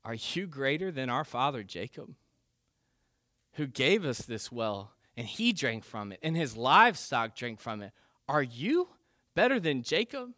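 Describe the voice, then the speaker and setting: A man's voice: medium pitch, sing-song, measured pace, sharp tone, dry recording, clean studio sound. A preacher doing a sarcastic, weary woman at the well. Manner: sarcastic, scoffing.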